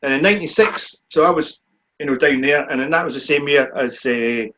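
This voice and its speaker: A man in his forties with a Scottish accent, a speedway rider answering questions in a relaxed, plain-spoken way during a live online chat. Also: fairly high pitch, a little fast. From Scotland. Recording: dull, muffled lo-fi stream audio.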